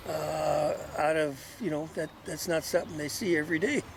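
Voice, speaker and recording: Gravelly man with a slightly high voice. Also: fairly even intonation, a little hiss or hum. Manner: halting, earnest, many restarts. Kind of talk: casual chat.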